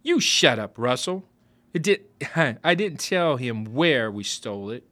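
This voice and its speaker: A man voicing a loud, screechy young boy who blurts things out. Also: mid-range voice, very animated, a little slow. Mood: blurting.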